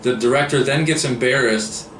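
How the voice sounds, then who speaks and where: A man's voice: mid-range voice, moderate pace, fairly bright tone. A man giving a casual book review, rambling with many fillers and restarts. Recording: roomy echo, distant mic, faint hiss.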